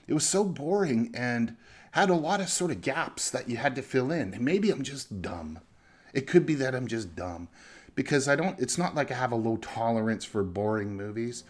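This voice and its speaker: A man's voice: mid-range voice, animated, moderate pace. A man reviewing films casually, talking conversationally and checking in with the listener through frequent "right?" and "you know" tags. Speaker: movie reviewer.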